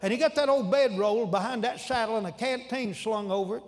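A man with a very high voice preaches a sermon, retelling stories in a folksy, animated manner that jumps into loud shouts. His voice rings with a long reverb, as in a large church hall. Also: fairly quick.

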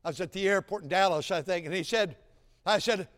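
A man preaching a sermon, telling folksy stories and building to shouted exhortation. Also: high voice, a little fast. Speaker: pastor. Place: large church sanctuary. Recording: church sanctuary with long reverb.

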